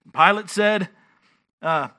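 Man preaching, high voice, forceful tone, earnest and emphatic, frequent restarts. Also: slow. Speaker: pastor. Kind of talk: sermon.

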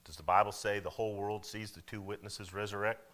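A man preaching a sermon in a folksy way, often checking in with "Amen?" and "okay?", swinging from loud emphasis to hushed asides. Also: on the low side, fairly even intonation, a little fast. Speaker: pastor.

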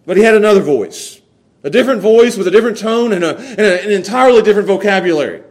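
A man's voice: high-pitched, lively intonation, quick pace. A man preaching a sermon in a church, earnest, often repeating and restarting words. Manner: earnest, builds from quiet prayer to emphatic preaching. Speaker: pastor. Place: church sanctuary.

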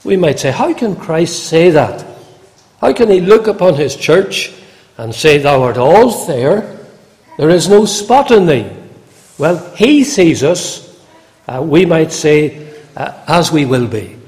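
Slow, lively-voiced preacher in a reverberant hall. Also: male voice, a little high. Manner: slow, measured preaching with emphatic quoted scripture. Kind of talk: sermon.

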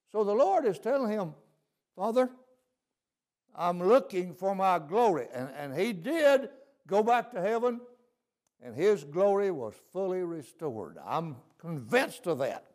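A man's voice: sits high, very animated, a little slow, long pauses, a little mellow. A male preacher delivering a folksy sermon, often asking "See?".

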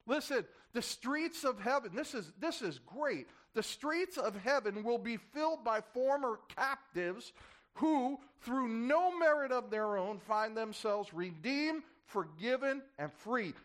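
A man's voice: sits high, animated, unhurried. A man preaching a sermon to his church, impassioned, his voice swelling and dropping as he drives his points home. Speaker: pastor.

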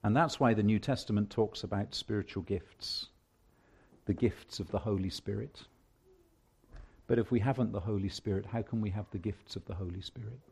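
A male preacher giving a sermon, with emphatic preaching that swings from hushed lines to loud declarations. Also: fairly low pitch, moderate pace, vocal fry, breathy edge.

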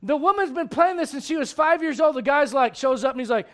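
A middle-aged male pastor preaching a dynamic sermon, swinging from loud to hushed and acting out voices in little scenes. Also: extremely high pitch, lively intonation, fast talker.

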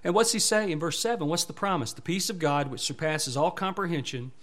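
A man's voice: a little high, a little fast, a bit bright. A male pastor preaching a sermon with emphatic rises and falls, asking the congregation repeated questions.

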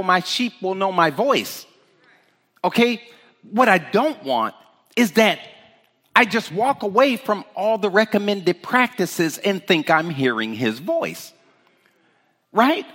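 Animated high-voiced man preaching in echoing hall. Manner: animated, emphatic, rhetorical "right?" asides. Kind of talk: informal sermon.

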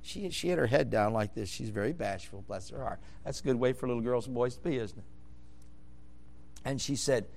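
A man preaching a sermon, moving from quiet storytelling into loud, fervent hollering. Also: medium pitch, a little fast, gravelly.

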